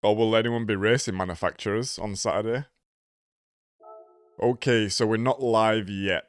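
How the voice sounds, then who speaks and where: A man's voice: on the low side, fairly even intonation, moderate pace, clear, resonant tone. A man hosting a casual live stream, nasal and congested from a cold, greeting viewers by name.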